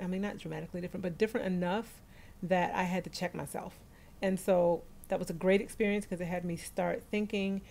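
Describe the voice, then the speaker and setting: A woman's voice: on the low side, warm tone. Chatty woman streaming live from a phone. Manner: chatty, laughs often, greets viewers by name. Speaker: livestream host. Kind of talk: casual livestream chat.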